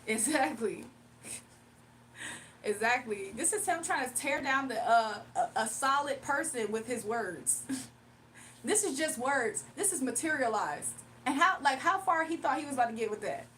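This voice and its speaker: A woman's voice: high-pitched, animated, normal speed, a bit bright, a little hiss or hum. A woman live streamer ranting casually, indignant and emphatic, with frequent laughs. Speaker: live streamer and spiritual reader.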